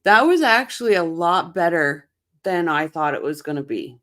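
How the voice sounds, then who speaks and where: A lowish, fairly bright voice with lively intonation and a moderate pace marks this true crime channel host. She chats casually with her live-stream viewers about their comments while short on sleep, opinionated and rambling, often starting her thoughts over.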